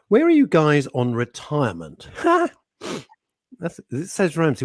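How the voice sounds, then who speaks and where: A man's voice: fairly high pitch, huge pitch swings, measured pace, darkish tone, no echo. A man co-hosting a radio show, chatting and joking in a casual, ranting way. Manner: chatty, jokey, ranting asides. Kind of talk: casual studio banter. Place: radio studio. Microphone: studio microphone.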